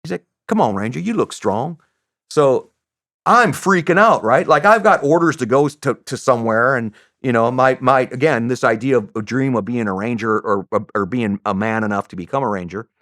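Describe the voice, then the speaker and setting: A man's voice: medium pitch, a little fast, dry recording, studio quality. Middle-aged man telling war stories. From United States. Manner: animated, rambling with restarts and swearing. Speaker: podcast guest, retired soldier. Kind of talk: casual anecdote telling.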